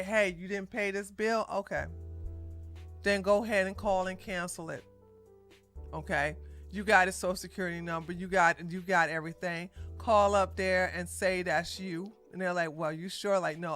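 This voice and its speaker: A woman's voice: fairly low pitch, steady tone, moderate pace, fairly bright tone, soft background music. A woman co-reacting to a clip, giving blunt, mocking relationship advice. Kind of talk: casual reaction commentary.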